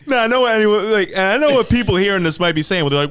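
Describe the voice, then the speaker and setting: Brief: male comic guest, smooth, slightly high voice, animated profane riffing. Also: rapid-fire, no echo. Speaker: comedian guest. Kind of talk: casual chat.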